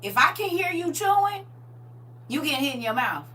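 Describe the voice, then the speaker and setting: A woman's voice: high-pitched, very animated, moderate pace, bright, forceful tone. A middle-aged woman hosting a livestream, chatting casually and emphatically and laughing often. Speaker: livestream host. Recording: distant mic with faint hum.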